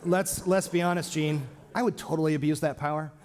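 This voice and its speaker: A man teaching a small church Bible class in a casual, joking way, with lively asides to his listeners. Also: fairly high pitch, a little fast. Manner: lively, joking, acts out quoted speech.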